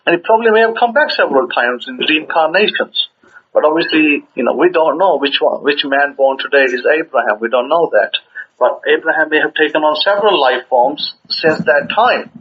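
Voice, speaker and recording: Brief: male scripture teacher, slightly high husky voice, chatty, dull lo-fi sound. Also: lively intonation, a little fast. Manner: conversational, repeats words, chuckles while explaining. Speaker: religious teacher. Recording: dull lo-fi recording.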